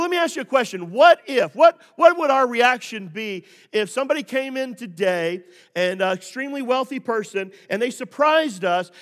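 A man preaching a sermon as pastor. He talks in a conversational way, asks the listeners questions and sometimes rises to emphatic shouts. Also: very high voice. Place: church sanctuary, also streamed online. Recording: long reverb in a large hall.

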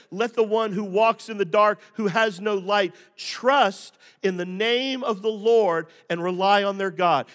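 High-voiced male pastor in a reverberant hall. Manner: conversational preaching with rhetorical questions, rising to emphatic shouts. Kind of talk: sermon. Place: church sanctuary, also streamed online. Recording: long reverb in a large hall.

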